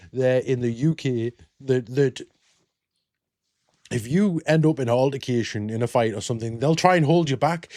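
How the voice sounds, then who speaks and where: A man's voice: mid-range voice, a little mellow, no echo, studio quality. Chatty British guy reacting on camera. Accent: British English. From Britain. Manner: chatty, jokey, rambling asides. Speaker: reaction video host. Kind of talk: casual reaction commentary.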